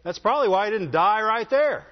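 A man preaching a sermon in an animated way, often asking the congregation questions. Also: sits high, fairly quick. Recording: dull sound with long hall reverb.

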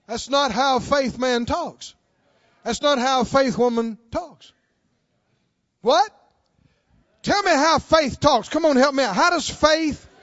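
A male preacher delivering a sermon, prodding the congregation with questions and swinging between shouts and hushed storytelling. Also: very high-pitched, slow pace, long pauses, no echo, lo-fi sound.

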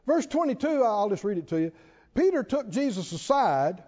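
A man delivers a sermon with a high, swinging voice and a warm, mellow tone. His delivery is emphatic, with slow, stretched stresses and the occasional chuckle. The sound is dull and lo-fi, with a long reverb tail from a large hall. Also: very animated. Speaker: preacher.

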